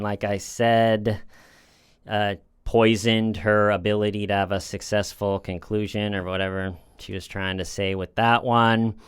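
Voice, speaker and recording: Smooth-voiced sarcastic male commentator. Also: lowish voice, no echo, clean studio sound. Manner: sarcastic, mocking. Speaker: commentary host. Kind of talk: casual commentary.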